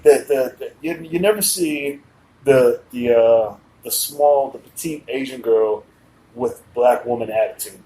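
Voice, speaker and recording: A man hosting a podcast, telling stories in casual chat with loud, animated bursts. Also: medium pitch, unhurried. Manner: animated storyteller, loud bursts when acting out reactions. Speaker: podcast host.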